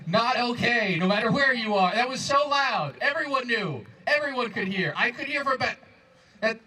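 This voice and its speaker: A man in his twenties doing a stand-up comedy set, telling stories with exasperated, animated crowd banter. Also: extremely high pitch, normal speed, distant mic, rough recording. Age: 20s. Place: comedy club stage before a crowd. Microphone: handheld stage microphone.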